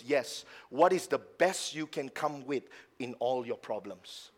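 A man preaching a sermon as pastor at a church service, swinging from hushed low asides to loud, emphatic passages and mocking the excuses of doubters. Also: expressive, a little slow. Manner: acts out the lines of doubters in a mocking tone.

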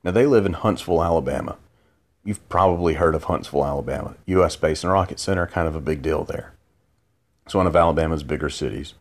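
A man's voice: extremely low pitch, fast. A man, hosting his own podcast, rambling through a drowsy late-night monologue from bed, full of restarts and asides. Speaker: podcast host. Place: in bed at home.

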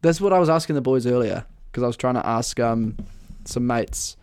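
A man's voice: medium pitch, moderate pace, darkish tone, clear, resonant tone, no room sound. A young man, co-hosting a podcast and rambling through casual chat. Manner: rambling, many fillers and restarts. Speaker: podcast co-host.

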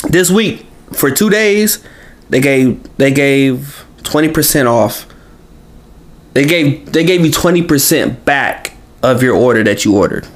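A man's voice: mid-range voice, lively intonation, measured pace. A man co-hosting a podcast in casual chat, laid-back and slangy, often repeating phrases. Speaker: podcast co-host.

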